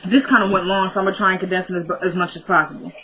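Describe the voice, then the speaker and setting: Bright-voiced excitable woman recapping TV. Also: lowish voice, racing, a little hiss or hum, rough recording. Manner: excitable, emotional retelling. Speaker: TV recap vlogger. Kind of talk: casual TV episode recap.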